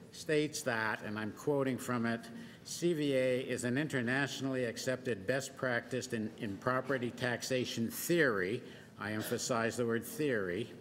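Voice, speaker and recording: A man giving a formal prepared deputation to a council committee, listing his points one by one in a measured way and quoting from a report. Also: mid-range voice, fairly bright tone. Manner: measured, enumerating points, reading quotations. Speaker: business association deputant. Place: large council chamber. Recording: long-reverb council chamber with faint noise.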